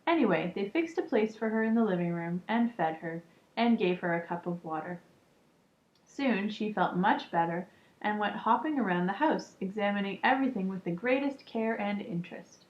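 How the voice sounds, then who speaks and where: A woman's voice: mid-range voice, moderate pace. Woman reading a storybook in an echoey room. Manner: calm reading with casual asides. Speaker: storybook reader. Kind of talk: reading a children's book aloud. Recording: echoey room, muffled lo-fi sound.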